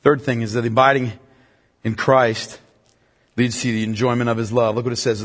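A man's voice: mid-range voice, moderate pace. A man preaching a sermon, telling a story with acted-out lines and building to impassioned exhortation. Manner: storytelling, rising to impassioned near-shouting. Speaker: pastor. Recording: reverberant hall.

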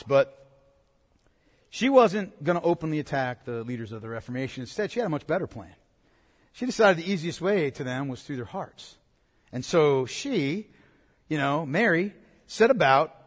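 A man telling history in a casual, animated lecture, full of asides like "man" and "you know.". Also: sits high, big-room sound.

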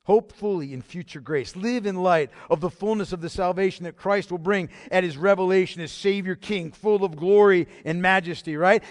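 A man preaching a sermon, emphatic and full of rhetorical questions, pausing to ask the congregation to follow along. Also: sits high, in a large hall. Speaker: pastor.

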